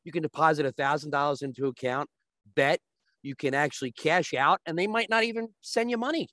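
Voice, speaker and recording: A man's voice: a little high, fairly quick, sharp tone, no room sound. A man as a guest, explaining sports betting in casual chat with long, restarting sentences.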